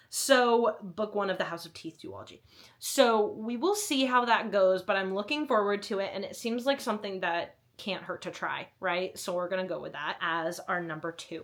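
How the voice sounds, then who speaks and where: A woman's voice: mid-range voice, normal speed, a bit bright. A young woman vlogging about books she wants to read, in chatty, enthusiastic talk with self-mocking asides. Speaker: book vlogger. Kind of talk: casual chat with read-aloud blurbs.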